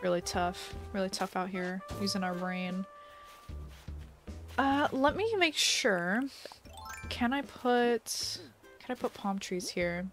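A woman's voice: medium pitch, lively intonation, slow pace, long pauses, fairly bright tone, faint music behind. A young woman hosting a casual live stream while playing a game, giggly and chatty, reading chat aloud. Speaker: livestream host.

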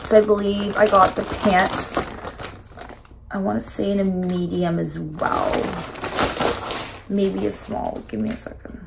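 Raspy-voiced young woman, chatty and bubbly. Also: mid-range voice, measured pace, pauses often, noisy background. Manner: bubbly, chatty, apologetic, with filler words. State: hoarse from yelling and singing. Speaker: vlogger. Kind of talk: casual vlog chat. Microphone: phone camera.

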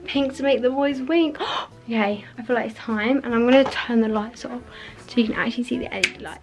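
A woman's voice: a little high, fairly even intonation, fast talker, faint music behind. A young woman vlogging casually from her bedroom, rambling with lots of "like" and "literally", a little out of breath. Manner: chatty, rambling, fillers like "like" and "literally". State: a bit out of breath. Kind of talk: casual vlog chat.

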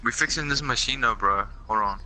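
Bright, sharp-toned gamer guy. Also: mid-range voice, fairly quick, a little hiss or hum. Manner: slangy, says bro and son a lot. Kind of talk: casual party chat while gaming.

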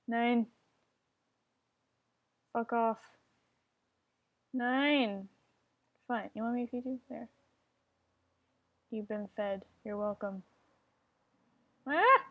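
A woman's voice: fairly high pitch, a little mellow. Swearing young woman gaming. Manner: frustrated, swears a lot, talks to other players. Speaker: gamer. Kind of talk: casual gameplay commentary.

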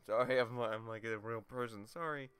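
A man's voice: medium pitch, normal speed, fairly bright tone, clean tone. A young man casually commentating his video game play, swearing and mocking himself as he goes, with a runny nose. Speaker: let's play gamer.

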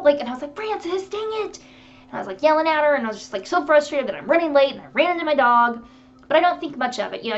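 A woman vlogger chatting to camera, telling animated stories with laughter. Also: fairly high pitch, dull audio. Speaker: beauty vlogger. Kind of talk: casual chat to camera.

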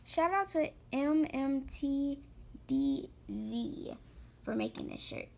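A woman giving excitable, gushing commentary to her viewers while shopping in a game. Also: high voice, slow, vocal fry. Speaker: gaming vlogger.

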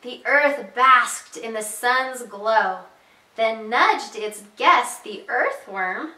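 A preschool teacher with a high, bright voice reads picture books aloud to young children, slow and sing-song with big pitch leaps. She sounds off-mic and distant in an echoey room.

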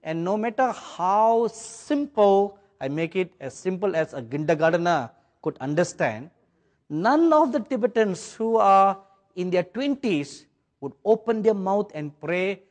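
Indian preacher guy, british-ish accent, storytelling sermon, gets loud then drops quiet, voice on the high side. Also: very animated, a little slow. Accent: British-influenced Indian English. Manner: dramatic storytelling with sudden loud and soft swings.

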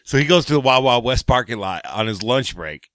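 Man, comic gossipy storyteller, lively ups and downs, bright voice, dry close sound. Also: mid-range voice, brisk, no room sound. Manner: animated gossipy retelling. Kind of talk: comedic anecdote telling.

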